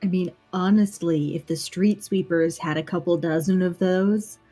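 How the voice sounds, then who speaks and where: Deep, flat-voiced woman player. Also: moderate pace, soft background music. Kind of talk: casual tabletop game play.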